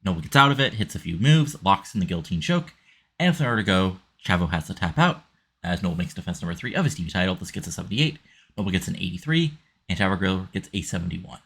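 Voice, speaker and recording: A man's voice: low-pitched, sing-song, fast, fairly bright tone, husky. A man casually narrating a wrestling sim game, rambling with lots of fillers.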